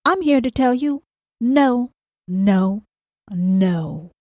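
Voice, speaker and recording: A woman's voice: a little high, expressive, drawn-out words, a little mellow, no room sound, clean studio sound. Blunt, profane woman podcast host. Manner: blunt, confrontational, rhetorical questions, heavy swearing. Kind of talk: profane motivational monologue.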